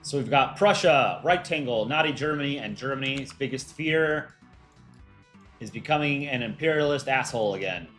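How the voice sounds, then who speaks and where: Hosting a livestream for a countryball animation channel, a man answers chat questions in a relaxed, offhand way. He thinks aloud with frequent ums, speaking at a middle pitch and moderate pace over faint music.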